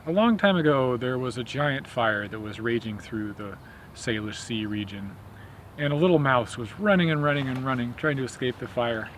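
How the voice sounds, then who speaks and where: A man's voice: mid-range voice, expressive, normal speed, fairly bright tone, a little hiss or hum. A man teaching a botany field lesson outdoors among trees, explaining in a friendly way and telling a folk tale.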